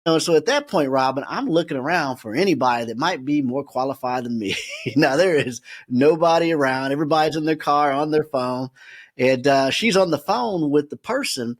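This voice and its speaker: Male podcast guest, storyteller who laughs easily, pitch a bit high. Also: expressive, a little fast. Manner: laughs often while telling stories. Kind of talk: animated storytelling.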